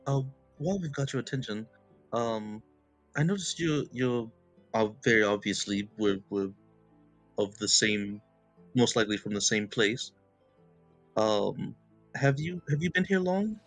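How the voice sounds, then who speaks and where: A man's voice: mid-range voice, fairly bright tone, soft background music. A man playing a hesitant woman adventurer. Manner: hesitant, halting. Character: cautious young woman adventurer, an Aasimar.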